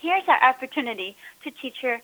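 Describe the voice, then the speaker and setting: A woman co-host talks in an upbeat, casual way and repeats her phrases for emphasis. Her voice sits a little high and sounds bright and forward. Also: big pitch swings, fairly quick, dry recording, low-quality recording. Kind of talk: casual chat.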